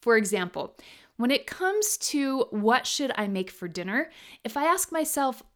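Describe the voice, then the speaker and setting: A woman giving a scripted talk, telling humorous stories playfully and slowing down to stress key words. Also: fairly high pitch, very animated. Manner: slow and emphatic on key words. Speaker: motivational speaker.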